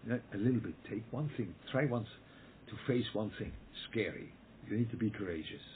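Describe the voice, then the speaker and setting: A man with a fairly low voice teaches a Torah lesson as a rabbi, pressing each point hard and repeating himself. He keeps checking in with his listeners as he answers their questions. He comes through a thin, phone-like line with a faint hiss behind him. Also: normal speed. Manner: emphatic, repeats words, checks in with "yeah?" and "okay?".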